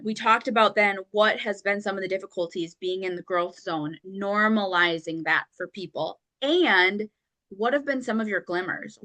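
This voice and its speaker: A woman's voice: medium pitch, sharp tone. A woman hosting a podcast, interviewing her guest in an affirming, enthusiastic way. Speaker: podcast host. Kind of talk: conversational interview.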